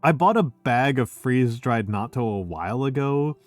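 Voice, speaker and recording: A middle-aged man hosts a loose, boozy chat on his home stream. He rambles, swears freely and trips over his own sentences. His voice sits at a middle pitch on a dry, close recording with faint music underneath. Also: lively intonation, normal speed, no echo. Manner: rambling, profane, self-interrupting. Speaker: streamer host. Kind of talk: casual drinking stream chat.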